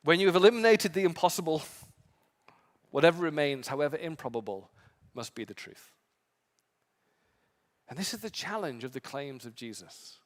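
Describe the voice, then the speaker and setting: A male pastor preaching a sermon with impassioned emphasis, swinging from strong peaks to quiet, low passages. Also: expressive, normal speed, pauses often, long reverb tail. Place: church sanctuary.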